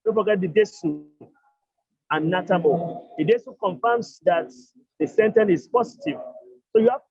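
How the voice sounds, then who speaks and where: A man teaching an online language class, explaining step by step and repeating each phrase slowly. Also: sits high, lively intonation, a little mellow, husky, dull audio.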